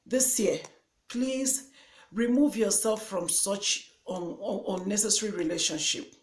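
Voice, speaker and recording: A woman's voice: mid-range voice, expressive, measured pace, slight background noise. A woman with a Nigerian English accent giving earnest motivational advice in a vlog. She repeats herself for emphasis. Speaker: vlogger. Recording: echoey room.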